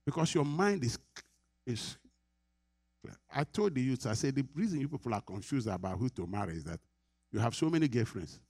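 A man's voice: mid-range voice, animated, a little fast, long pauses, a little mellow, slightly rough, dry recording, clean studio sound. A middle-aged Nigerian man preaching a sermon as pastor, earnest, repeating his phrases and laughing often.

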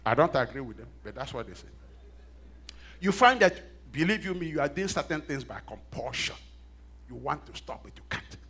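A middle-aged man preaching a sermon, telling stories with self-mocking laughs and swinging from hushed asides to loud emphatic bursts. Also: mid-range voice, very animated, normal speed, breathy edge. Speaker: pastor.

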